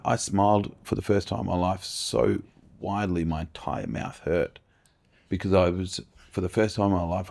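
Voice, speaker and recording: Gravelly man telling stories. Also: deep voice. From Australia. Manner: swears freely, animated and emphatic. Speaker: podcast guest. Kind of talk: candid storytelling.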